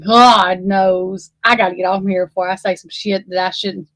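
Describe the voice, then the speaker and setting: A woman's voice: mid-range voice, fairly even intonation, moderate pace, a bit bright, no echo. A woman with an Alabama accent hosting a casual chat, rambling and swearing freely. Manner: rambling and profane, with frequent swearing. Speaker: host.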